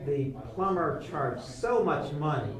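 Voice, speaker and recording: A man doing a rambling comic bit as a doctor, halting and full of stops and restarts. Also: a little high, animated, a crowd in the background. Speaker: guest playing a doctor. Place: small studio. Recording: echoey room from far off, music behind.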